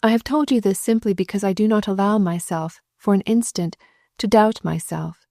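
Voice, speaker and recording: A woman reading the part of a young noblewoman who speaks quickly and tearfully in an audiobook. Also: medium pitch, gravelly, warm tone, no room sound, clean studio sound, lightly acted. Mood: confiding.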